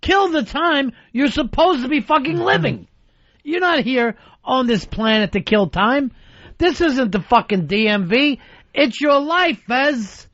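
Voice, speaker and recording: A man's voice: extremely high pitch, lively intonation, unhurried, fairly bright tone, no echo, lo-fi sound. A man hosting a radio talk show who rants in a profane, mock-exasperated way.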